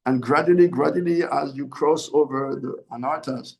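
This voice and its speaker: Swami guy preaching, kinda high voice, earnest, keeps correcting himself. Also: moderate pace, vocal fry. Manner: earnest, repeats and corrects himself mid-phrase. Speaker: swami giving a spiritual discourse. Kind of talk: sermon.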